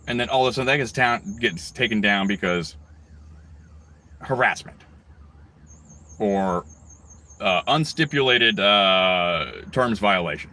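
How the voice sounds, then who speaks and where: A man's voice: fairly low pitch, lively intonation, a little slow, pauses often, pushed and bright. A man ranting on his own channel, rambling and swearing heavily, with mocking asides. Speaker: video blogger. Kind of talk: angry profane rant.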